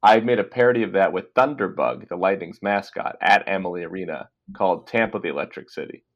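A man talking as a guest in a casual podcast chat, playful and teasing, sometimes breaking into loud cheers. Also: deep voice, a little fast, lo-fi sound.

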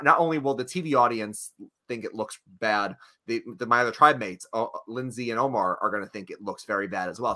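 A man with a bright, clear tone talks through the week's episode in a loose, rambling manner. He restarts sentences often and leans on fillers as he chats with his co-host. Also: lowish voice, fairly quick. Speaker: podcast co-host. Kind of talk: casual chat.

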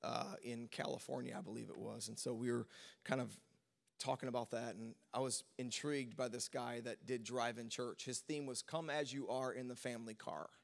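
Addressing his congregation, a man pastor with a medium-pitched, gravelly voice moves at a moderate pace. His sermon peaks in shouted, sing-song preaching before easing into a relaxed personal story marked by frequent stammers and restarts.

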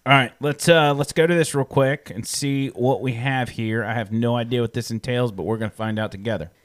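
A man's voice: medium pitch, steady tone, a little fast. A man hosting a casual talk show, chatting loosely with a guest and reacting to a clip. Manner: conversational, loose, with restarts and fillers. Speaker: host. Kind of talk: casual chat.

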